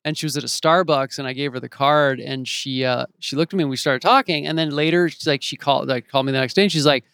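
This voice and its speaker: Smooth-voiced man telling lively anecdotes. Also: medium pitch, fast talker, no room sound. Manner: animated, acts out quoted voices in his stories. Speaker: interview guest, actor and author. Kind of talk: casual storytelling in an interview. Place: home in Los Angeles.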